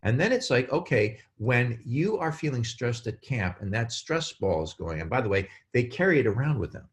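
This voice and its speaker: A man speaking as a guest on a podcast, explaining in an animated way and acting out quotes. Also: medium pitch, moderate pace. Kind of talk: casual podcast chat.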